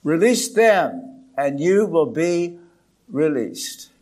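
A preacher voicing an old Romanian male friend with a Romanian accent, giving slow, solemn, emphatic commands. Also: a little high, sing-song, darkish tone, exaggerated voice. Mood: stern urging.

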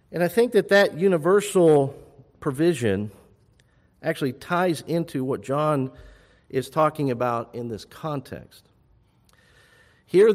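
A man preaching a sermon as pastor, rising to loud urgent appeals and dropping to soft, hushed reassurance. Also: a little high, big-room sound.

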